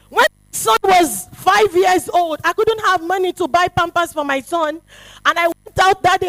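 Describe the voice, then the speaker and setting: A middle-aged woman, giving a fervent testimony to a youth retreat, swinging from hushed to shouting. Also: extremely high pitch, normal speed, no room sound, rough recording. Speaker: prophetess speaking to a youth retreat. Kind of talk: impassioned testimony to a crowd.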